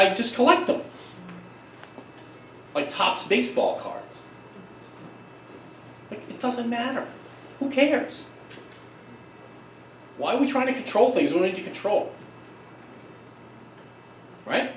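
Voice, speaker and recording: A middle-aged man giving a conference keynote, telling stories in an emphatic, lively way with quick asides. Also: a little high, a little hiss or hum. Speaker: keynote speaker, psychologist. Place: conference hall. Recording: echoey hall, distant mic, faint ambience.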